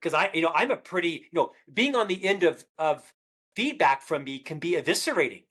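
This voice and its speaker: A man's voice: fairly high pitch, a little fast. A middle-aged man with a lifelong stutter, a guest author in a conversational podcast interview, telling stories and acting out both sides of conversations. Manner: stutterer, animated storyteller acting out dialogue.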